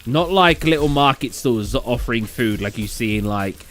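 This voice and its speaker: A man's voice: medium pitch, expressive, moderate pace, a bit bright, soft background music. A man with a southern English accent, rambling casually as a gaming streamer who answers his chat.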